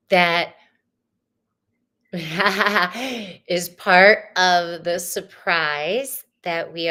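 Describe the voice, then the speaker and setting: Slow-talking middle-aged woman reading tarot. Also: lowish voice, pushed and bright. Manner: exclamatory, spiritual, chatty with live chat. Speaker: tarot reader and host. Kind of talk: live-streamed tarot reading.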